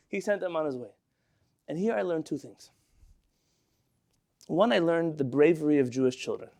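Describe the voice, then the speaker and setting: Male rabbi, higher register, animated storytelling lecturer mixing in Hebrew terms. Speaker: rabbi teaching a class. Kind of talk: storytelling Torah class.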